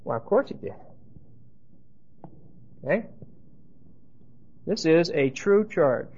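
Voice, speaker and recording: A man's voice: a little high, expressive, slow, darkish tone, husky, lo-fi sound. A man preaching a sermon with emphasis and dry humor, speaking straight to his listeners.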